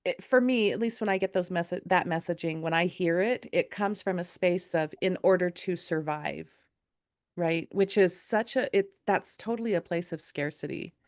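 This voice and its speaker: Woman cohost, kinda low voice, rambly and laughy, dry close sound. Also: moderate pace, no room sound. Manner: rambling, laughs often, self-interrupting. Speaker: podcast co-host. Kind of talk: casual conversation.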